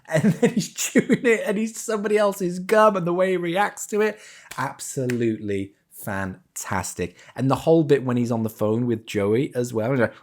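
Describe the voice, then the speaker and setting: A man's voice: medium pitch, normal speed. Gushing man reviewing on camera. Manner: animated, gushing, laughs while retelling scenes. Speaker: TV review channel host. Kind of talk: enthusiastic solo video review.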